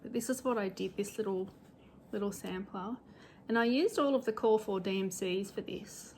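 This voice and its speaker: The voice is a woman's, medium in pitch, a little mellow and moderately paced, with some background noise. She's a middle-aged Australian cross-stitch vlogger who chats and rambles cheerfully about stitching at home, sometimes laughing at her own expense.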